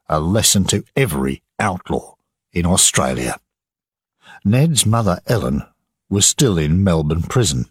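Deep husky guy reading an audiobook slow, dry close sound, lots of melody. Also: no echo. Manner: slow, measured reading for learners. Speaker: narrator. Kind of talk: scripted audiobook narration.

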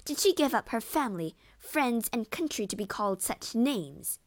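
A woman's voice: medium pitch, very animated, measured pace, no room sound. A woman voicing an outspoken, loyal maidservant who speaks indignantly and insists.

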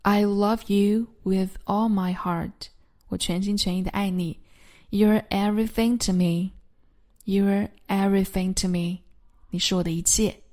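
Lady teacher reading phrases super slow and clear, says each twice. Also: medium pitch, a little mellow. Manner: repeats each phrase slowly and clearly, then translates. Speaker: English teacher. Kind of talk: slow phrase-drill lesson, English then Chinese.

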